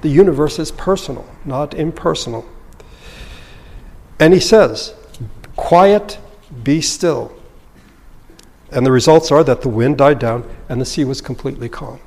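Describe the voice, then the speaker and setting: A man's voice: mid-range voice, normal speed, a little mellow, long reverb tail. A man preaching a sermon as a pastor, earnest and explanatory, often asking rhetorical questions.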